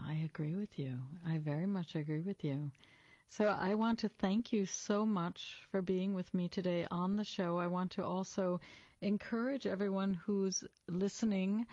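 A woman's voice: on the low side, dark tone, dry recording, muffled recording. A woman podcast host thanking her guest in an effusive, appreciative way. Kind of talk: interview wrap-up.

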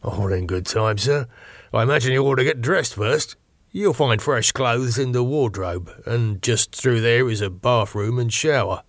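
A man voicing a polite, heavy-set male bodyguard in his late thirties who answers courteously and evasively, trailing soft on each "sir". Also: mid-range voice, a little slow, no room sound.

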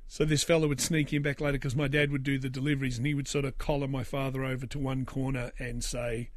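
A man's voice: medium pitch, little pitch movement, fast talker, hardly any pauses, dry recording, clean studio sound. An Australian man in his forties telling a personal story, rambling with fillers and restarts and dropping wry asides. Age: 40s. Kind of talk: casual storytelling.

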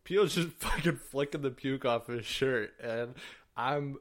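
Twenties male co-host, swearing, animated storyteller. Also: mid-range voice, a little slow. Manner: profane, animated, laughing. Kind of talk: casual storytelling chat.

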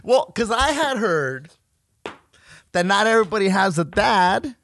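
A man's voice: high-pitched, very animated, a little slow, gravelly, fairly bright tone, full character voice. A man voicing a blunt, out-of-touch older grandfather in a comedy podcast bit, speaking matter-of-factly. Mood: deadpan.

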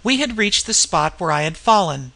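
Gravelly bright-toned audiobook reader. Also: mid-range voice, expressive. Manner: measured storytelling with character voices. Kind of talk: audiobook narration.

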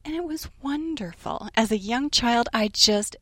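A woman's voice: fairly high pitch, animated, a little slow, bright, forceful tone, no room sound. Woman cohost chatting on radio, amused, laughs a lot, dry sound. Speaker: radio co-host. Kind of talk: casual radio chat.

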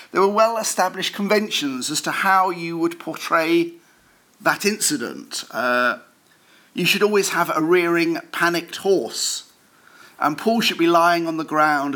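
A man preaching to a church congregation, talking casually rather than declaiming. His voice sits a little high, and he often pauses on fillers and restarts his sentences, with the odd joke at his own expense. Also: pushed and bright. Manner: conversational, self-deprecating asides with frequent fillers and restarts. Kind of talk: sermon. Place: church service.

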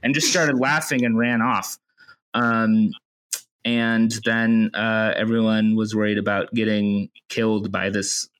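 A man on a podcast telling an absurd story in a rambling, deadpan way, full of ums and uhs. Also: lowish voice, creaky. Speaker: podcast co-host. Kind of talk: casual comedic chat.

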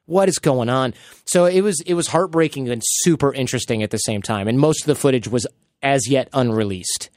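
Animated male podcast host, dry sound. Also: mid-range voice, a little fast, no echo. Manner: animated storyteller, acts out quotes. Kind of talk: casual podcast chat.

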